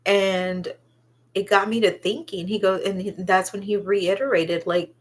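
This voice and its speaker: Slow, halting woman telling her story. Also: mid-range voice, steady tone, breathy edge. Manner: halting, with many pauses and fillers. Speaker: vlogger sharing her own story. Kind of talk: personal storytelling.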